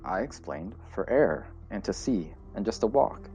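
A lonely writer answers questions mildly and simply, polite and a little cold. A man reads him in his own very deep, low voice. Soft music runs faintly underneath. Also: sing-song, unhurried. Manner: mild, simple, polite replies.

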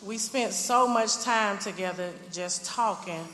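A woman slowly and earnestly telling a personal story as a mother. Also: mid-range voice. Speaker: mother remembering her son. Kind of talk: emotional personal testimony. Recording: echoey room with loud noise.

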